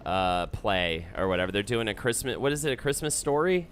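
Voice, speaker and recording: A man streaming a video game, chatting casually, swearing freely and reacting loudly to the gameplay. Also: lowish voice, lively intonation, a little fast, a little hiss or hum. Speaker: Twitch streamer.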